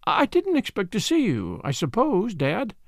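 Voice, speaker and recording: A man voicing a spoiled, wealthy young American woman who speaks with strained, forced brightness in a storybook reading. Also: high-pitched, wildly swooping pitch, unhurried, no room sound, studio quality, voice pushed up, heavily acted. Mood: tense.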